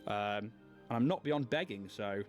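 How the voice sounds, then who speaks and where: A man's voice: fairly low pitch, expressive, a little slow. Casual male host, chatty and self-deprecating, painting-stream banter, faint music behind. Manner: chatty, self-mocking, laughs often. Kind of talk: casual chat while painting miniatures on a livestream.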